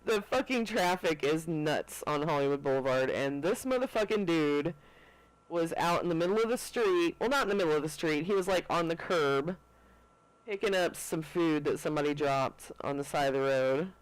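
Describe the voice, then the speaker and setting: A man's voice: fairly high pitch, animated, moderate pace, clean tone, no room sound, rough recording. A man co-hosting a podcast, chatting casually and telling laid-back stories full of swearing. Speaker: podcast co-host. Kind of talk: casual chat.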